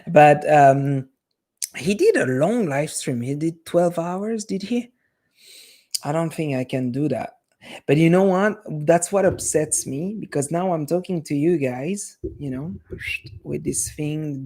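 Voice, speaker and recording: Chatting casually with his live-stream viewers, this man speaks with a French accent and is half Italian. His voice is slightly high and darkish, and his talk rambles along with frequent restarts.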